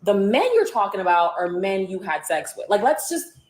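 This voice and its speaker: A woman's voice: medium pitch, very animated, moderate pace, a little mellow, echoey room. A woman, a media personality and author, telling candid interview stories in a blunt, profane, sarcastic way.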